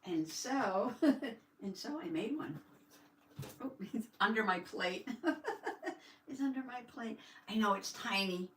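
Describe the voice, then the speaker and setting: An older woman chats casually on a live stream, greeting viewers with a folksy "howdy" and laughing often. Her voice is bright and forward. She sits back from the mic in an echoey room. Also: medium pitch, animated, takes it slowly, pauses often, recorded from a distance, a little hiss or hum. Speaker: host of a live journaling stream.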